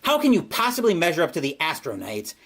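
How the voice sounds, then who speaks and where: A man's voice: mid-range voice, very animated, moderate pace. A man voicing a huge cosmic entity that judges and scolds with contempt, read aloud from a game's story text. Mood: scornful.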